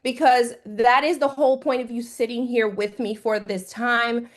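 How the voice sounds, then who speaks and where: A woman's voice: fairly high pitch, steady tone, normal speed. A woman from Jamaica teaching an online trading class over a video call, upbeat and encouraging, greeting attendees by name. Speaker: trading coach.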